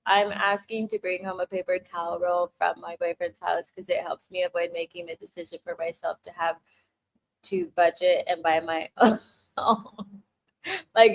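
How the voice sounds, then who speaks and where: A young woman hosting a casual live-stream Q&A, giggling often and teasing her chat as she gives playful advice. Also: fairly low pitch. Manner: giggly, laughs often between phrases.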